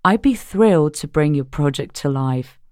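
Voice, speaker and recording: A woman's voice: sits low, expressive, moderate pace, dark tone, dry recording, studio quality. A woman in her thirties reading a friendly demo reel in a put-on British accent. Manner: crisp, friendly delivery. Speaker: voice artist.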